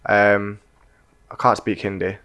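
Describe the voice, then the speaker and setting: A man's voice: lowish voice, flat delivery, bright, forceful tone, smooth. Chatty Mancunian man asking questions. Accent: Manchester. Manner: chatty, laughs often, quick asides. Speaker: interviewer. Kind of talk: casual conversation.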